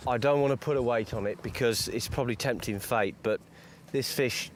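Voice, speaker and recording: A man's voice: medium pitch, moderate pace, a little hiss or hum. Matey man explaining a catch outdoors. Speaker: angler presenter. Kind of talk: casual fishing chat. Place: outdoors at a lake.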